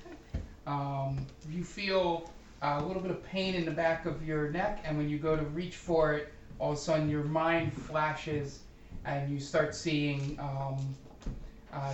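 A man's voice: a little high, echoey room, far from the mic, a little hiss or hum. A man narrating as game master of a tabletop game, describing scenes hesitantly with many ums.

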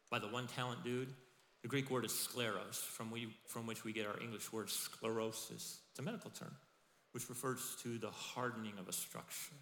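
Middle-aged male pastor, bright forceful delivery, animated sermon, echoey church hall. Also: fairly low pitch. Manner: animated, acts out quoted voices.

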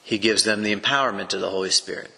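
A man's voice: fairly low pitch, fast talker, vocal fry, pushed and bright. A man with an East Texas accent giving an earnest, emphatic Bible teaching that explains things step by step. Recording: long echoing reverb.

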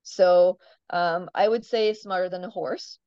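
A woman telling lively stories about her farm animals in a casual interview, laughing often and filling pauses with "um". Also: lowish voice, clean tone, no echo, lo-fi sound. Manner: chatty storyteller, laughs often, many ums. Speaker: farm animal owner, guest.

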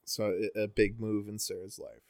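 A man co-hosting a podcast in casual chat, telling stories in an animated, jokey way. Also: lowish voice, moderate pace, no echo, clean studio sound. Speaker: podcast co-host.

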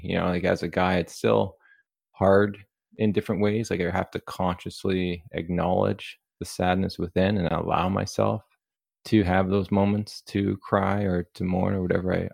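A man's voice: low voice, gravelly, darkish tone, no room sound, studio quality. A man hosting a podcast interview, empathetic and casual, with many fillers. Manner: empathetic, filler-heavy, says like a lot. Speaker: podcast host.

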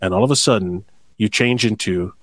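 Animated podcast co-host man. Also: fairly high pitch, a little fast, dry recording, studio quality. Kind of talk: casual podcast chat.

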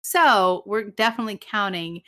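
A woman's voice: medium pitch, lively intonation, moderate pace, bright, forceful tone. A young woman co-hosting a podcast, casually swearing and acting out characters as she recaps a TV episode. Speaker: podcast co-host.

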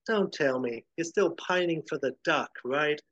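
A man's voice: fairly high pitch, measured pace, a bit bright, muffled recording. A man voicing a brash young woman bandmate who talks bluntly and teases. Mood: teasing. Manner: blunt and teasing.

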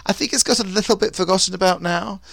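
A man's voice: high voice, fast, creaky, a bit bright, dry recording, studio quality. A man co-hosting a podcast, telling stories in a chatty, rambling way with many restarts. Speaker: podcast co-host. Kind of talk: casual chat.

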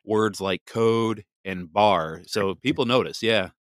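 A man hosting a podcast, cutting in with quick questions and short agreements. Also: lowish voice, no room sound, clean studio sound. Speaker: podcast host. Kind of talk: casual interview chat.

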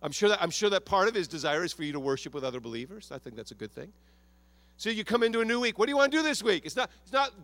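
A man preaching a sermon as pastor of a church, animated and acting out prayers and quotes in his own voice. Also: on the high side, fairly quick, no room sound.

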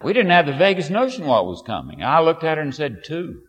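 An older man preaching a sermon, telling a family story in an unhurried, storytelling way with sudden bursts of emphasis. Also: a little high, wildly swooping pitch, fairly bright tone. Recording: dull lo-fi audio with long hall reverb.

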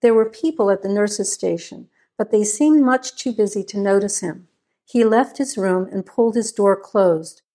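A woman reading a suspense story aloud as narrator, in steady, measured scripted narration. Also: mid-range voice.

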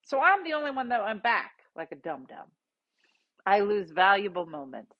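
A woman host casually telling a funny story, jumping into loud quoted voices. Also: mid-range voice, sing-song, normal speed, muffled recording. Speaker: podcast host.

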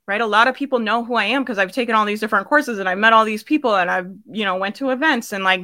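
Woman, young adult, business coach, bright tone, energetic, emphatic, casual motivational talk. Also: mid-range voice. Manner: energetic, emphatic, laughs often, says "right?" a lot. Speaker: business coach hosting a live session.

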